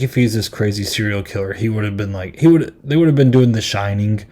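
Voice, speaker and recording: A man's voice: on the low side, brisk, hardly any pauses, warm tone. A man hosting a podcast and reviewing a film in casual chat, rambling and amused, with lots of ums and likes.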